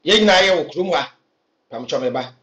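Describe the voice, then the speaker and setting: A man's voice: a little high, lively intonation, fast talker, pushed and bright, roomy sound. A man with a Ghanaian accent giving earnest, urging opinions to camera, with hesitant fillers. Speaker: political commentator. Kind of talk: impassioned opinion vlog.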